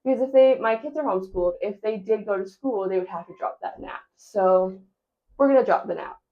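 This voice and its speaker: A stay-at-home mom vlogs casually about her busy life, chatty and rambling with a self-deprecating streak. Her mid-range voice is fairly quick and narrow, and the audio sounds tinny.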